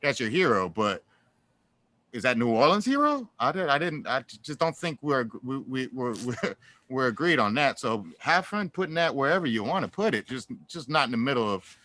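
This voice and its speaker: Bright-voiced man telling rambling stories. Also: mid-range voice, moderate pace. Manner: rambling storyteller, many fillers and restarts; animated, laughs through stories. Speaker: guest musician. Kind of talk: casual interview chat.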